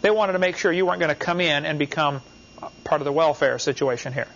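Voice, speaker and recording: A man's voice: a little high, fast, fairly bright tone, a little hiss or hum. A man giving a classroom lecture, emphatic, talking in short repeated phrases and asking the class questions. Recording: dull, lo-fi class recording.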